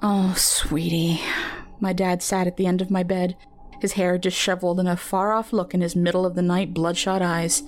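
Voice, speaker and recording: A woman telling a first-person horror story in a measured, intimate storytelling manner. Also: fairly low pitch, level tone, slight background noise. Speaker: narrator. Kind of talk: scripted horror story narration.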